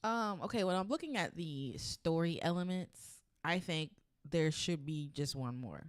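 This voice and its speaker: A woman co-hosts a casual horror news podcast, hedging her points with frequent fillers. Her voice sits at an ordinary pitch and is recorded dry and close. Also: lively intonation, unhurried, clear, resonant tone, no echo. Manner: hesitant, hedging with "like" and "um". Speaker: podcast co-host.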